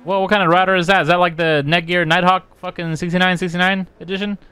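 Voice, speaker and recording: A man's voice: sits high, level tone, fast talker, bright, forceful tone, smooth, no echo. A young man giving casual, joking and profane commentary while playing a video game, sometimes reading its dialogue aloud.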